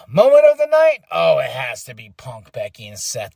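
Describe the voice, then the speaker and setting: A man hosting his own podcast, giving an animated solo recap, acting out quotes and breaking into excited shouts. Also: mid-range voice, normal speed, gravelly, no echo, studio quality. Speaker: podcast host reviewing wrestling.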